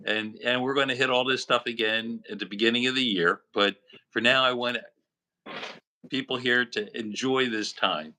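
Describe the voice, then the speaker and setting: Bright-voiced laid-back man. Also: medium pitch, normal speed. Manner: laid-back, agreeable, repeats phrases. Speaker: co-host. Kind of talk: casual livestream chat.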